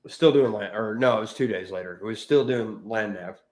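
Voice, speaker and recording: A man co-hosting a podcast, telling animated anecdotes in casual chat. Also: lowish voice, brisk. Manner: talkative, animated anecdote teller. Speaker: podcast co-host. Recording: roomy echoey room.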